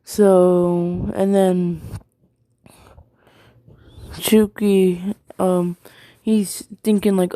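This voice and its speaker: A woman's voice: mid-range voice, fairly even intonation, extremely slow, long pauses, dark tone, dry recording. A woman casually retelling a fan story, rambling with many ums and likes.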